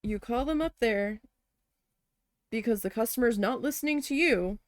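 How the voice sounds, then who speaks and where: Woman, casual crafting chat, exasperated storyteller, fairly high pitch, dry close sound. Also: normal speed, no room sound. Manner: chatty, exasperated, swears, acts out quotes. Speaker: craft vlogger.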